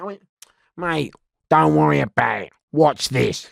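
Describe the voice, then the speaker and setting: A man's voice: fairly high pitch, animated, normal speed, creaky, dry recording, clean studio sound. A man telling rambling prison stories as an interview guest, swearing and laughing, often restarting. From London. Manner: swearing, laughing, keeps restarting his story.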